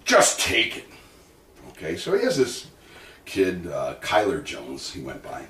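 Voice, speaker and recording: A man's voice: low-pitched, unhurried. A man telling stories in a casual interview, acting out what others said, swearing and laughing often. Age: 40s or older. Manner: animated storyteller who acts out quotes, swears and laughs often. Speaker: guest, wrestling manager and comic hypnotist. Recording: roomy echo from a distant mic with faint noise.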